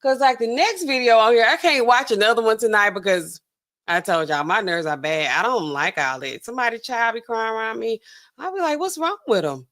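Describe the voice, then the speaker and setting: A woman hosting a casual livestream, reacting to news clips and talking straight to her chat in relaxed slangy speech. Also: a little high, a little fast. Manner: chatty and animated, talking straight to chat viewers; relaxed slangy speech with frequent filler words.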